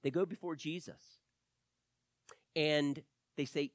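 A man delivers a sermon as an animated storyteller. His voice swings from loud emphasis down to near-whispers. The sound is dry and close, with no room around it. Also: mid-range voice, measured pace, long pauses, no room sound. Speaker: preacher.

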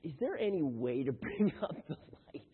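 A man reads funny cards aloud to a congregation, joking along and tripping over the odd word. His pitch swings widely and his voice is a little breathy. The sound is thin and phone-like, with a long echo from a big hall. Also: very animated. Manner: jokey, halting reader who stumbles over words. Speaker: speaker reading Mother's Day cards to an audience. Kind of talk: light-hearted reading aloud to a congregation. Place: large hall with house lights.

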